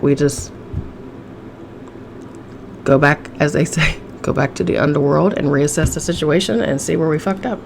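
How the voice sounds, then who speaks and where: Woman, podcast host, sassy, profane, gravelly, chesty cough, faint hiss. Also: sits low, steady tone, moderate pace, pauses often. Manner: sassy, profane, laughing often. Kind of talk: casual solo podcast vent.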